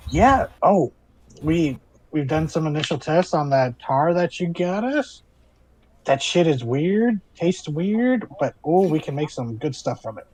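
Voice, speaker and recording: A man voicing a small, greedy male imp demon with no table manners, chummy and excitable. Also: a little high, a little slow, poor audio. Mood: excited. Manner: chummy, excitable, talks with mouth full. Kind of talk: tabletop role-play voicing.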